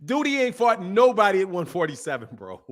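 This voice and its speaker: A man's voice: sits high, very animated, a little fast. A man hosting a live boxing talk stream, talking casually and animatedly to his chat, repeating points and laughing. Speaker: boxing commentary host.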